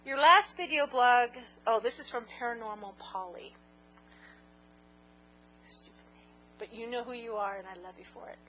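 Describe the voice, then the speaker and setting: Bright, slightly high woman vlogger; giggly, rambling and self-mocking. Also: moderate pace, pauses often, low-quality recording. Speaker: vlogger answering viewer questions. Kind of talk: casual chat.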